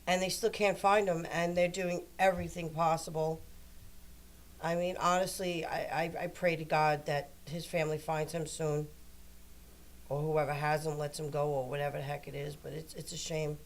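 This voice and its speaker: A woman's voice: sits low, level tone, normal speed. A woman co-hosting a live stream, chatting bluntly and swearing freely. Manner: blunt, swears, teases back. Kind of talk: casual chat.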